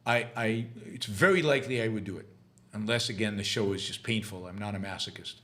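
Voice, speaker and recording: A middle-aged man hosting a livestream, answering viewer questions in a halting, argumentative way with many restarts. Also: fairly low pitch, pushed and bright. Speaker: podcast host answering live questions. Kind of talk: livestream commentary and Q&A.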